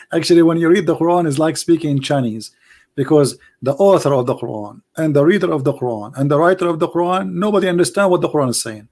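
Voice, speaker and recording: A hoarse man hosts a live call-in debate stream, speaking quickly in a fairly high, slightly mellow voice to callers and viewers. He mocks and fights, repeating phrases for emphasis, while coughing as his voice gives out.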